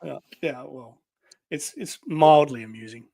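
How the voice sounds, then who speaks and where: This livestream co-host is an Australian man with a voice on the high side, dark in tone, with some vocal fry. Unhurried and recorded without echo, he reads viewer comments aloud in a casual stream, filling gaps with fillers and laughing often.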